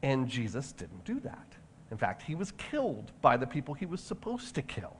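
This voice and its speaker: A man's voice: medium pitch, wildly swooping pitch, normal speed, husky. A man preaching a sermon in a conversational way, with frequent restarts and asides. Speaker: pastor.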